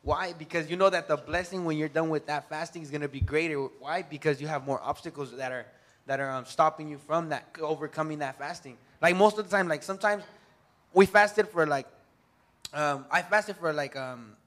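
A young man sharing his faith in a casual group discussion, excitable and joking, rambling with many fillers. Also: on the high side, brisk. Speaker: youth group speaker.

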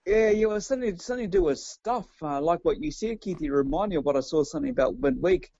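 A man's voice: on the high side, animated, fast, mellow, no room sound, highs cut off. A man with a New Zealand accent co-hosting a casual chat in a laid-back, matey way. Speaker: co-host.

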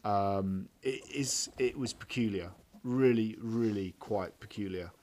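A man's voice: on the low side, a little slow, darkish tone. A man hosting a podcast, reviewing a film in a blunt, sweary, scathing way and laughing often as his co-hosts interrupt. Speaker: podcast host. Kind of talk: casual film review chat.

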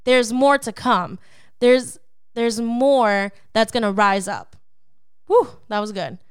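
A woman's voice: a little high, slow pace, clear, resonant tone, no echo, studio quality. A woman co-hosting a devotional Bible podcast, teaching in an emphatic, preacherly way and often checking in with the listener. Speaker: podcast co-host.

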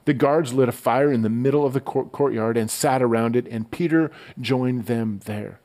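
A man giving a relaxed, conversational sermon as a pastor, often repeating words as he goes. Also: mid-range voice, normal speed. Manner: conversational, relaxed storytelling with frequent stammered word repeats.

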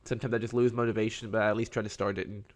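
A man's voice: fairly low pitch, level tone, racing. A man hosting his own podcast, talking alone in a rambling, conversational way. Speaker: podcast host. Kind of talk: casual solo podcast monologue.

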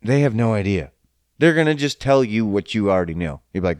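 A man's voice: on the low side, brisk, clean tone, no room sound. Guy going off on a sweary rant, voice jumping all over, dead dry mic. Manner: profane, animated ranting with mocking voices. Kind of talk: casual ranting monologue.

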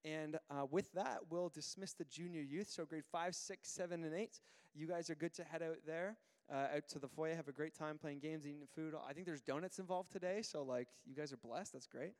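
A man's voice: fairly high pitch, a little fast. A man in his thirties, a pastor giving a casual sermon, telling stories with lots of fillers and restarts. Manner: chatty, storytelling, many fillers and restarts. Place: church auditorium. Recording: long hall reverb.

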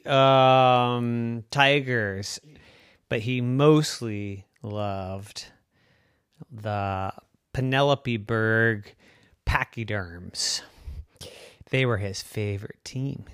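A storyteller making up a children's story as they go, slow and wandering, with pauses and restarts. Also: medium pitch, fairly bright tone, clean tone, no echo, studio quality.

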